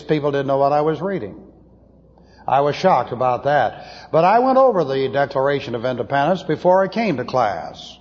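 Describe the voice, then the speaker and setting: A man preaching to a Bible class, blunt and opinionated, slowing down to press his points. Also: mid-range voice. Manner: blunt, opinionated, slows for emphasis. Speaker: pastor teaching a Bible class. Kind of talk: sermon lecture. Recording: dull lo-fi tape in a reverberant hall.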